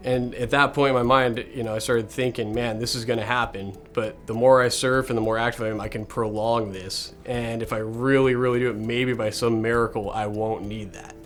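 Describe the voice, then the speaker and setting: A man's voice: medium pitch, steady tone, fairly quick, hardly any pauses, faint music behind. Reflective man telling his story. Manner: reflective, conversational. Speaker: patient. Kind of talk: documentary interview.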